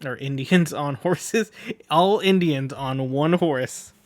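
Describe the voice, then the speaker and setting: A man reads a manga aloud slowly in a slightly high voice with no echo, chatting about the pages as he goes. In this casual read-along with commentary, he corrects himself and laughs at his own slips.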